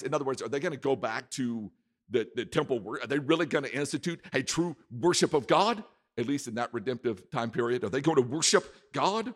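Lively preaching man in a hall. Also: medium pitch, a little fast. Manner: emphatic, repeats key words, varies volume dramatically. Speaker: pastor. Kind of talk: sermon. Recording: echoey hall reverb.

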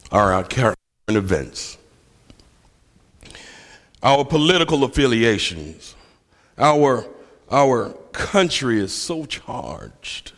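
Preacher, man, telling stories with a self-mocking humor; long hall reverb around him. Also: medium pitch. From Memphis, USA. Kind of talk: sermon.

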